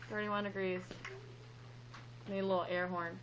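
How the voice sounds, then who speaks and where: A woman's voice: medium pitch, sing-song, unhurried, long pauses, lo-fi sound, slight background noise. A woman teaching a math class in a classroom, upbeat and playful as she joins in the students' jokes. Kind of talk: classroom lesson.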